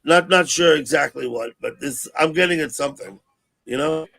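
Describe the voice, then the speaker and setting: A sixty-year-old man hosting a casual livestream chat, rambling and thinking out loud. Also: a little high, normal speed, gravelly. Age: 60s. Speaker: livestream host.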